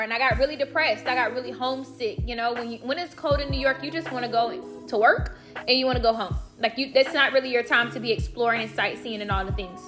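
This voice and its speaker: A young woman from Florida telling her story to viewers in a chatty, animated way. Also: a little high, fast, over music. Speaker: vlogger. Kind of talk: casual storytime.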